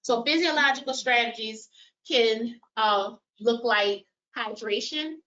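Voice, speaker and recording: Lively woman leading a training workshop. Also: fairly high pitch, unhurried. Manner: animated, quizzes audience with show of hands. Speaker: workshop presenter. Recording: dull lo-fi sound.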